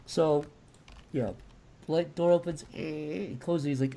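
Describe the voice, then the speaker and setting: A man's voice: a little high, fairly even intonation, fairly quick, mellow, slight background noise. A man chatting loosely and crudely on a live stream as he sketches and reads out donations. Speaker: streamer and animator. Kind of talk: casual live-stream chat while drawing.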